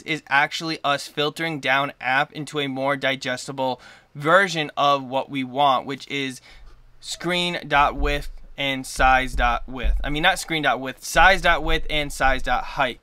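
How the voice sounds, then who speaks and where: A man's voice: a little high, bright, forceful tone, no echo. A man hosting a coding tutorial, talking enthusiastically and often correcting himself mid-sentence. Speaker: programming tutorial host. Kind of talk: screen-share coding tutorial.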